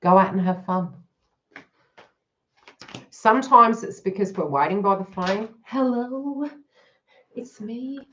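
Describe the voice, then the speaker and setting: A woman's voice: mid-range voice, measured pace, long pauses, fairly bright tone, muffled recording. A woman giving a live card reading to her viewers, talking frankly and joking as she goes. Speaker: tarot reader.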